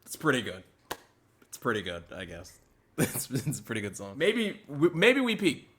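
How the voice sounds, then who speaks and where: A man's voice: mid-range voice, moderate pace. A young man giving a live album reaction as a music reviewer, chatty and leaning heavily on filler words. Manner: animated, chatty, leans heavily on "like".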